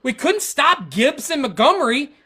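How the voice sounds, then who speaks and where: A woman's voice: high voice, sing-song, moderate pace, pushed and bright. A woman hosting a podcast, ranting in a casual, frustrated way about her football team, rambling and stammering through restarts. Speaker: podcast host. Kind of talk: casual sports rant.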